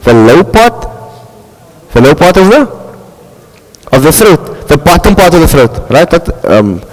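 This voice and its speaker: South African male recitation teacher, high-pitched, heard in a reverberant hall; interactive classroom delivery. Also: very animated. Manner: checks in with students constantly, models slow drawn-out recitation. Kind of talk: classroom tajweed lesson.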